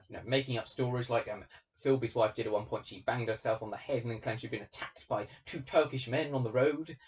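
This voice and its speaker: Chatty male host, animated, medium pitch, recorded slightly away from the mic. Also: recorded from a distance. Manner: chatty, animated, many fillers and asides. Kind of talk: casual commentary.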